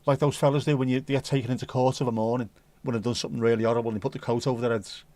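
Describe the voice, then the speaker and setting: A man's voice: medium pitch, fairly even intonation, rapid-fire, a little mellow, dry recording. A man hosting a casual livestream who reads viewer comments in a jokey, rambling, playful way. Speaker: livestream host.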